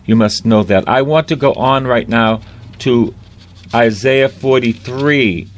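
Slow, emphatic male preacher. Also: mid-range voice. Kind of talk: sermon.

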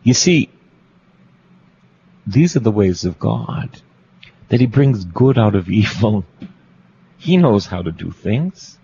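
A man's voice: on the low side, sing-song, takes it slowly, gravelly, pauses often, dark tone, dull audio, a little hiss or hum. A Catholic priest, a man, preaching a storytelling sermon, repeating phrases for emphasis and asking his listeners questions.

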